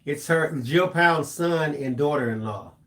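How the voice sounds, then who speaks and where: A man's voice: on the high side, unhurried, fairly bright tone. A man co-hosting a livestream, reading viewer comments aloud and teasing the host in dry banter.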